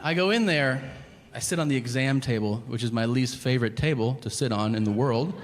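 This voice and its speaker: A man's voice: medium pitch, fairly quick. A man performing stand-up comedy, telling stories animatedly and acting out the other people in them. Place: comedy club stage. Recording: echoey venue with loud room noise.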